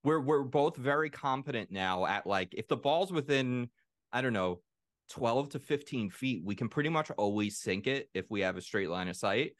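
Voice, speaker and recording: A man's voice: medium pitch, expressive, no room sound, studio quality. A man hosting a podcast in casual chat, telling teasing stories about his co-host. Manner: laughing, teasing storyteller, quick to chuckle.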